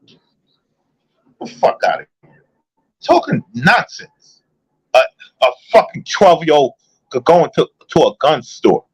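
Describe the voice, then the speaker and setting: A high, husky man ranting in casual commentary. His pitch leaps all over as he fires off profane, incredulous remarks. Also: very animated, measured pace, long pauses. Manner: heated, incredulous, swears a lot.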